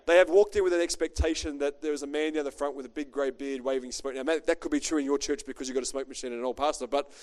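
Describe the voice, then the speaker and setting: A man's voice: fairly high pitch, fairly even intonation, rapid-fire, few pauses, darkish tone. A middle-aged man, a pastor preaching a chatty, joking sermon built on a personal story.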